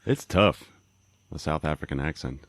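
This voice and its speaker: A man's voice: a bass voice, normal speed, dry recording. A man co-hosting a podcast in casual, wry chat, laughing as he talks.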